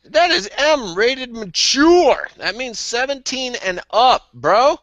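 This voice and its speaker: A man's voice: very high-pitched, slow pace, muffled recording, crowd noise. A man co-hosting a gaming podcast in casual chat, making crude jokes. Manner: animated, crude joking. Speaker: podcast co-host.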